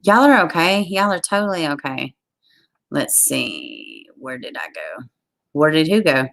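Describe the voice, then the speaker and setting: A woman's voice: deep voice, sing-song, measured pace, creaky, fairly bright tone. A tired woman with a Southern US accent hosting a true crime livestream, reading a case aloud and breaking off to greet viewers.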